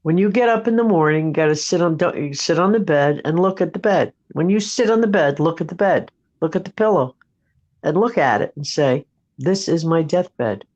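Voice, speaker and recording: A woman's voice: on the low side, animated, brisk, a little mellow, highs cut off. A woman co-hosting a casual livestream, giving advice and telling stories in a chatty way. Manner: chatty storyteller, acts out friends' voices.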